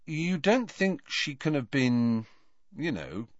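A man's voice: fairly high pitch, sing-song, takes it slowly, no room sound, voice pushed up. A man voicing an awkward, earnest teenage boy in an audiobook reading. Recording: dull dry audiobook recording.

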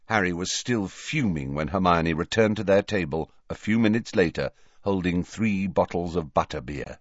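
A man narrating an audiobook with expressive storytelling. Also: low voice, moderate pace, hardly any pauses, dry recording, highs cut off.

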